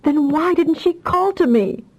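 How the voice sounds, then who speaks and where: Distressed storybook mother, as a woman puts her on, raised pitch, dark mellow tone, pleading. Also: animated, moderate pace, natural voice, low-quality recording. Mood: distraught. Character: anxious, fiery telepathic mother, adult woman.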